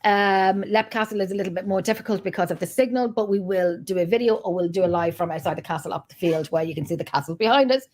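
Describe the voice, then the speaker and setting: Chatty woman guest rambling thru her plans, ums everywhere, middle pitch. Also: fast, few pauses, a little mellow. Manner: rambling, frequent ums and restarts. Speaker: paranormal investigation group founder, guest. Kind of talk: casual chat.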